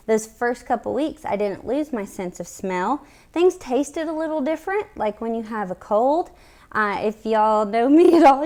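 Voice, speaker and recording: A woman vlogs to her viewers about health, short of breath but candid and chatty, with plenty of fillers. Her voice is medium-pitched with a darkish tone.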